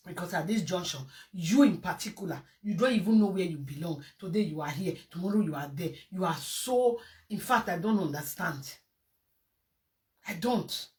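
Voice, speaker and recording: A woman with a Nigerian accent, ranting and scolding in a heated video monologue. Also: fairly low pitch. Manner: scolding, heated, mixes Pidgin and Yoruba phrases. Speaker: vlogger. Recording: distant from the mic.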